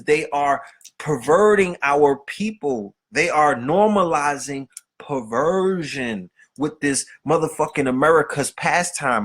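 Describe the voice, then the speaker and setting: Husky profane man ranting. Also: fairly high pitch, a bit bright. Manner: profane, streetwise, rants with rhetorical questions. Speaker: podcast host. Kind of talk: unscripted monologue.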